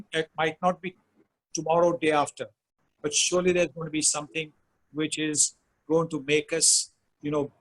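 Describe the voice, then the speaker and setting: A man's voice: on the high side, rough recording. An older man, sharing anecdotes and advice as a guest speaker in a webinar chat, with many fillers.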